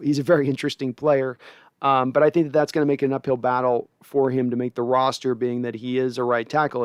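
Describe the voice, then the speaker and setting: A man's voice: medium pitch, smooth, dry recording, studio quality. A man hosting a casual livestream, breaking down football players in a rambling way with many restarts. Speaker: host. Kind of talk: casual livestream sports analysis.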